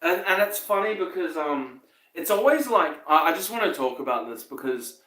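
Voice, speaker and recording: A man's voice: fairly high pitch, lively intonation, moderate pace, sharp tone, echoey room, low-quality recording. A man with a New Zealand accent, a podcast host rambling through a casual monologue full of swearing, fillers and chuckles.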